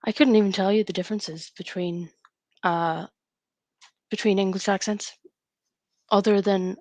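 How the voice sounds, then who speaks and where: A woman's voice: mid-range voice, steady tone, moderate pace, pauses often, darkish tone, no echo. A woman, hosting a live writing stream and chatting casually as she thinks aloud. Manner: chatty and rambling, thinking aloud between tasks.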